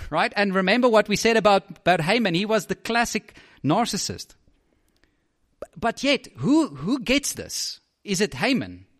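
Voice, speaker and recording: Animated man preaching a sermon. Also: a little high. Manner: animated, repeats words and asks "right?".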